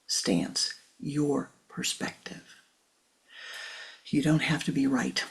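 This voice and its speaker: A woman spiritual teacher giving a slow guided teaching in a soft, measured voice that often drops to a hushed whisper. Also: low voice, steady tone, creaky, breathy edge.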